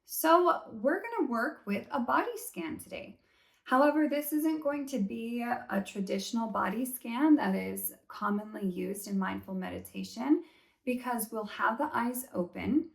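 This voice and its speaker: A woman coach gently guiding a body scan class, talking slowly and calmly. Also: mid-range voice, gravelly. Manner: gentle, slow instructional guidance. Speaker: somatic trauma coach. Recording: echoey room.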